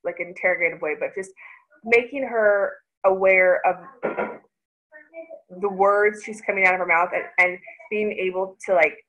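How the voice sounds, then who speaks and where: A woman in her thirties presenting a parenting workshop in an informal way, often pausing to search for words and restarting her sentences. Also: mid-range voice, a bit bright, highs cut off.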